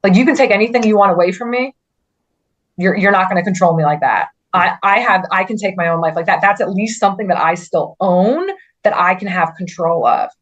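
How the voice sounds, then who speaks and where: A woman's voice: mid-range voice, highs cut off. A woman guest on a podcast, speaking earnestly about her own experiences, often restarting sentences and filling with "like". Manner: earnest, halting, with frequent restarts and "like" fillers. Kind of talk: personal story in a conversational interview.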